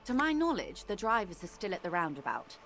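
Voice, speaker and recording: An actress playing a composed, formal middle-aged negotiator in a video game, speaking with measured, precise diction. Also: female voice, medium pitch, big pitch swings, a bit bright, a little hiss or hum.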